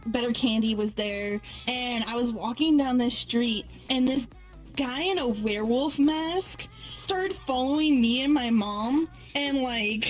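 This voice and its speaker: A woman's voice: high voice, lively intonation, unhurried, soft background music, poor audio. A woman telling casual stories in a social VR game, cursing freely and laughing as she talks. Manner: swears freely, laughs through her stories. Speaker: guest answering questions. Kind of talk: casual storytelling. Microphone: headset in a social VR game.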